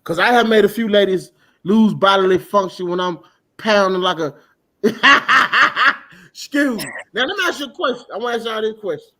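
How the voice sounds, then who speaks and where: A young adult man hosting a casual chat show, telling a profane story loudly and with shouted bursts. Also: high voice, lively intonation, fast talker. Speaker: podcast host.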